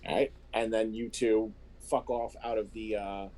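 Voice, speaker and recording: A man's voice: on the low side, little pitch movement, dark tone. A man narrating a tabletop role-playing game as game master, describing scenes and voicing characters. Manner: describes scenes and voices characters in quick asides.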